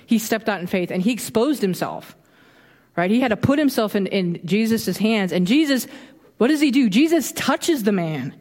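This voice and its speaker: A woman in her thirties giving a casual, animated sermon, acting out quoted reactions with a bit of humor. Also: fairly high pitch, normal speed. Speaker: preacher. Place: church sanctuary. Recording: long hall reverb.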